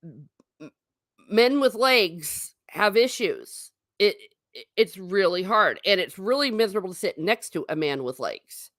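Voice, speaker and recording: A woman's voice: measured pace, no room sound, clean studio sound. A middle-aged woman hosting a livestream, chatting casually and rambling, reading comments from chat. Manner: chatty, rambling, animated pitch swings.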